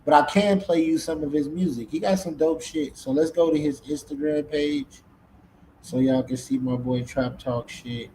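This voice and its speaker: A man's voice: on the high side, steady tone, normal speed, mellow, a little hiss or hum, poor audio. A man hosting a casual live-stream podcast in a laid-back way, often repeating his words. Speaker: podcast host.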